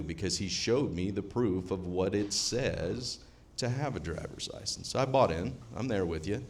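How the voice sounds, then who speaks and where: A man's voice: deep voice, a little hiss or hum. A man, talking casually and profanely to a live seminar audience, rambling and joking as he goes. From US Midwest. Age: 50s. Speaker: seminar attendee speaking.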